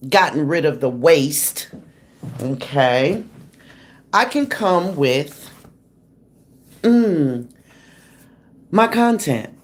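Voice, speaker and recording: Slow-talking blunt woman livestream host. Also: deep voice, lively intonation. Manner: blunt, confrontational, slangy. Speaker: true crime livestream host. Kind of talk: casual livestream chat, greeting viewers.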